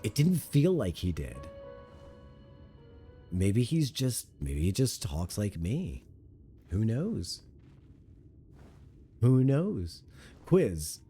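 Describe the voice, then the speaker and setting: A man's voice: on the low side, sing-song, drawn-out words, long pauses, mellow, soft background music. Playful, chatty male streamer. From Europe. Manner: playful, chatty, laughs at himself. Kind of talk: casual gameplay commentary.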